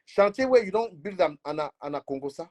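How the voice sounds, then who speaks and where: A man's voice: high-pitched, fast. Cameroonian man ranting in Pidgin. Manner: animated, scolding, switching between Pidgin and French. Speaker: blogger. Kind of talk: ranting commentary.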